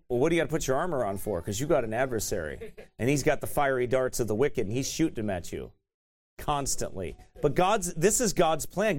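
A man teaching a sermon in a conversational way, often tossing in "right?" and laughing at himself. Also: medium pitch. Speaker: pastor.

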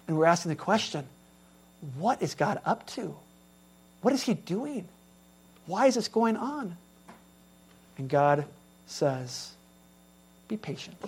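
A male pastor delivers an earnest sermon. He shifts between raised exclamations and hushed, quiet passages, speaking with steady conviction. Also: a little high.

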